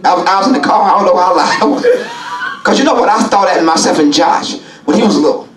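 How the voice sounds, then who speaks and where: High-voiced bishop preaching, echoey church. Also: male voice, lively intonation, fast talker, over a noisy crowd. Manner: calls out questions to the congregation, repeats himself. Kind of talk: Bible study preaching. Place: church sanctuary. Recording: echoey church from a distance with congregation. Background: congregation murmuring.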